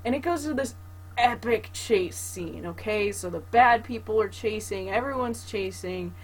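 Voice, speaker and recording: A woman in casual chat, retelling a movie's plot in an expressive way with squeaky outbursts. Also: measured pace.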